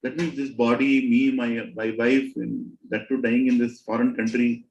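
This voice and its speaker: A man giving a dramatic, animated storytelling talk to a spiritual group. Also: mid-range voice, moderate pace, gravelly, dull audio. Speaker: satsang speaker. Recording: roomy hall echo.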